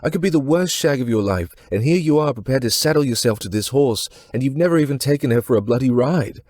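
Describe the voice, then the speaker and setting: A man's voice: fairly low pitch, normal speed, slightly rough, no echo, clean studio sound, voice pushed up. A man voicing a cheeky young Englishwoman. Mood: exasperated. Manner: lively, cheeky, exasperated teasing. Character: playful young English woman, dance teacher. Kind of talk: audiobook character reading.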